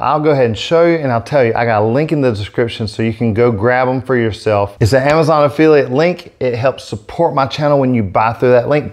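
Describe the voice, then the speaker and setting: A man hosting a casual product demo vlog, talking in an excitable, gushing way into a set-up microphone. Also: medium pitch, slight background noise. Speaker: airbrush artist demonstrating markers.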